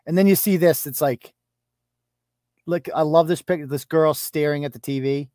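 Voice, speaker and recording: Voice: medium pitch, steady tone, normal speed, a little mellow, no echo, clean studio sound. A podcast host delivering a profane, mocking rant as commentary. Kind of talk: ranting commentary.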